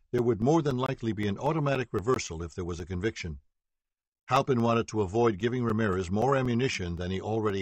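A man reading a true-crime audiobook as narrator, steady and even, voicing quoted dialogue lightly. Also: lowish voice, breathy edge, dry recording. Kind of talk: scripted narration.

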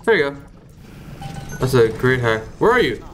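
A young man giving live gameplay commentary as a streamer, excitable, swearing and thinking out loud as he plays. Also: mid-range voice, moderate pace, soft background music.

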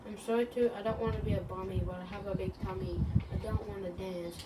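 A woman's voice: medium pitch, steady tone, fast talker. A woman rambling through silly, self-joking commentary while playing a video game. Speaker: gaming channel host. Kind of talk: casual gameplay commentary. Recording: distant mic with clear background noise.

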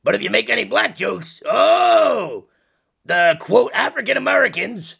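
A man's voice: high voice, big pitch swings, unhurried, creaky, pushed and bright, slightly rough, full character voice. A man voicing a crude, foul-mouthed purple dinosaur who rants profanely at kids in a parody monologue. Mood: profane ranting. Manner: ranting, profane, lecturing kids.

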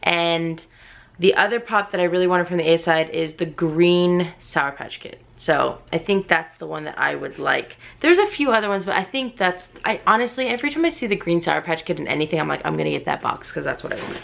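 Low gravelly woman chatting through an unboxing. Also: a little fast. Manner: chatty, talks straight to viewers, bursts into squealing excitement. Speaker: unboxing vlogger. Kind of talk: casual unboxing commentary. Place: at home indoors with others asleep.

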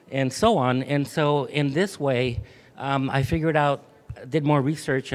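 A middle-aged man from Mexico, an artist and museum curator, leading a group through a gallery with a relaxed manner and many ums. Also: mid-range voice. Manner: relaxed, with frequent ums and restarts. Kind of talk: gallery tour talk to a group. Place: inside an art museum gallery.

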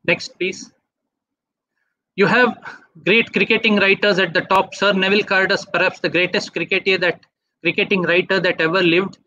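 A man giving a webinar talk, walking through slides in a measured way. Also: sits high, fairly even intonation, sharp tone, dry recording. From India. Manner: measured, asks for next slide often. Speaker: webinar speaker. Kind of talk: slide presentation lecture. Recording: dull dry online audio.

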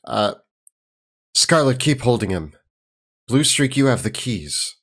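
A man's voice: medium pitch, very animated, slow, fairly bright tone. A man playing a tabletop game, giving direct, firm orders in character. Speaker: player. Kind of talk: casual tabletop play.

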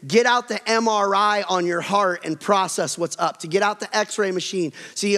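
A male pastor preaches in a big sanctuary, his fairly high voice carrying a long reverb tail. He is animated and acts out household arguments, climbing in pitch as he plays them. The delivery is a live sermon to a congregation. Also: moderate pace. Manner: animated, acts out quarrels with rising voice.

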